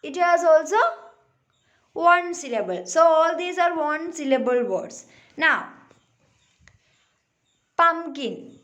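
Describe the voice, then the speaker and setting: A woman with a Malayali English accent teaches a grammar lesson to a class. Her voice sits high, and she talks at an unhurried pace. She says words over slowly and keeps checking in with the class. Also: animated, fairly bright tone, highs cut off. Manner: checks in with "huh?" and "clear?", repeats words slowly.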